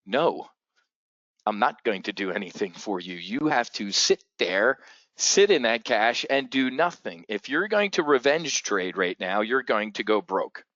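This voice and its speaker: A man's voice: on the low side, sing-song, a little slow, a bit bright, dry recording, dull audio. Blunt, rambling male trading host. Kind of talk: casual live market briefing.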